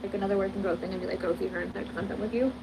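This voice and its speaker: Young woman rattling off a story super fast, fed-up tone, noisy clip behind her. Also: medium pitch, fairly even intonation, gravelly. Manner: rapid, exasperated recounting of a text exchange. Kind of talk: casual storytelling.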